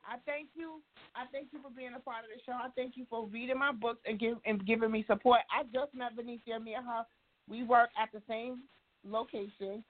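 Female host, casual chatty delivery that restarts often; higher voice over a phone-like line. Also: fairly even intonation, brisk. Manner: rambling, warm shout-outs, self-correcting. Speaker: show host and author. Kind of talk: casual online show talk.

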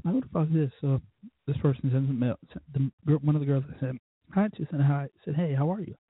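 A man hosts his own podcast alone, rambling from headlines into stories. He swears constantly and mimics voices and sound effects along the way. His husky, slightly high voice sounds dry and tinny, as if over a phone line. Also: fast talker, no echo. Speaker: podcast host. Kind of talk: casual solo monologue.

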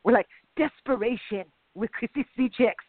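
A woman co-hosting a podcast, chatting in an animated, self-deprecating way. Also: fairly high pitch, normal speed, breathy edge, dry recording. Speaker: podcast co-host. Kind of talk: casual chat. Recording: dry, tinny phone line.

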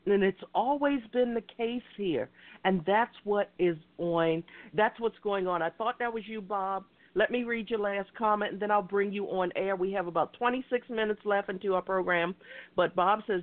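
A woman's voice: medium pitch, normal speed. A woman hosting an internet talk radio show, talking in an effusive, passionate, rambling way. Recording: tinny phone-like line.

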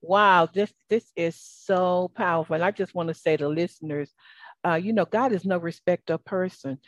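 Southern woman host, encouraging and effusive, low register, close dry sound. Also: moderate pace, no room sound. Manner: warm, affirming, churchy phrasing. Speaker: podcast host. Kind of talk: interview.

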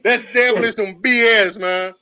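A man's voice: sits high, fairly even intonation, brisk, sharp tone, smooth. A man co-hosting a casual sports talk show, slangy and laughing often. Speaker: podcast co-host.

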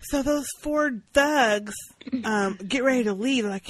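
Animated woman recapping a TV episode. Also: on the high side, unhurried, rough recording. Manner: animated, acts out characters' lines. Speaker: podcast co-host. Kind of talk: casual recap chat.

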